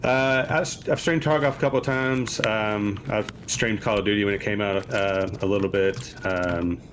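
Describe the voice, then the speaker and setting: A man from Kentucky playing along with a streamer, answering questions in a relaxed, hesitant way. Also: fairly low pitch, normal speed, a little hiss or hum. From Kentucky, USA. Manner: relaxed, hesitant, many fillers and restarts. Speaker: guest player. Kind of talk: casual gaming chat.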